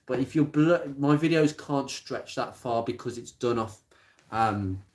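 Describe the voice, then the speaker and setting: A man chatting casually on a live stream about car parts, plain-spoken and rambling, with many pauses and restarts. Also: mid-range voice, darkish tone. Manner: rattles off blunt practical advice. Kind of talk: casual live-stream chat answering viewer comments. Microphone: smartphone.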